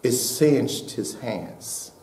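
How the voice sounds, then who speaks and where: A man's voice: medium pitch, expressive, very slow. Echoey preaching pastor, a man. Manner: preaching with rising, shouted climaxes and hushed storytelling. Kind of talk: sermon. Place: church sanctuary.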